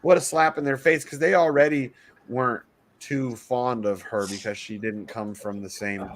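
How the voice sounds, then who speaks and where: Profane, excitable male podcast co-host. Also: medium pitch, moderate pace. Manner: profane, excitable, swears freely. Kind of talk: casual chat.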